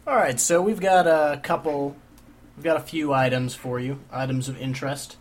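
A man's voice: fairly high pitch, steady tone, normal speed, a little hiss or hum. Wry man hosting a comedy podcast. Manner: jokey, wry, leads segments. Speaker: podcast host. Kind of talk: casual comedy chat.

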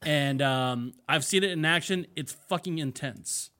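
A man's voice: a little high, unhurried, pushed and bright. A man hosting a podcast in casual chat, running through news items in a loose, profane way. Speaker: podcast host.

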